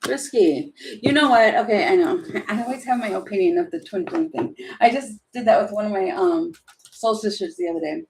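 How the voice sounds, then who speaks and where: A woman's voice: mid-range voice, lively intonation, a little fast, creaky, darkish tone, a little hiss or hum. A woman doing a casual live tarot reading, chatty and opinionated, rambling with many fillers and asides. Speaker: tarot reader.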